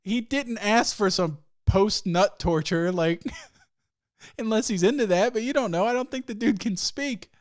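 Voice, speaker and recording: Young man, podcast host, casual solo rant, swearing, laughing, fairly high voice. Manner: profane, rambling storytelling, laughs often.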